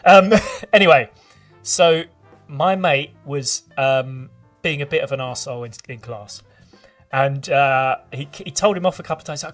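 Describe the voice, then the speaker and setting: A man's voice: medium pitch, moderate pace. A man co-hosting a casual tabletop gaming podcast, telling stories in a rambling way with frequent laughter. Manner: rambling, laughing, lively storyteller. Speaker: podcast co-host and game master. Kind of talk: casual chat. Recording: distant from the mic with faint music.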